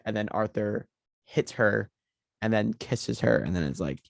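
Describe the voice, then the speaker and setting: A man co-hosting a podcast in casual chat, relaxed and joking while he pitches story ideas. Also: a little slow, gravelly, no room sound. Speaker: podcast co-host.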